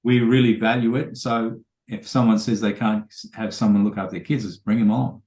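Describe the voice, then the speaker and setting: A man's voice: lowish voice, little pitch movement, fairly quick, a little mellow, echoey room. A man, a trainer telling rambling anecdotes full of quoted dialogue in a casual podcast interview.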